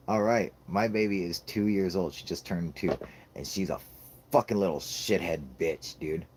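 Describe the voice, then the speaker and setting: A man's voice: low voice, measured pace, darkish tone, a little hiss or hum. A man ranting about his toddler in a casual chat, swearing constantly and laughing at his own jokes. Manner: profane, laughing, rambling comic rant. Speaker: podcast host.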